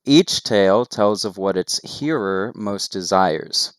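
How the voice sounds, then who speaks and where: A man narrating a tabletop game as game master, with steady descriptive narration and casual asides. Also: on the low side, takes it slowly, clean tone, no room sound, studio quality.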